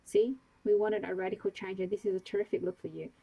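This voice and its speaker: Eine Frau spielt einen höflichen englischen Fotografen. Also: female voice, medium pitch, fairly even intonation, vocal fry, warm tone, husky, no room sound, lo-fi sound. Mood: reassuring. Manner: courteous, measured. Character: polite English male photographer, composed.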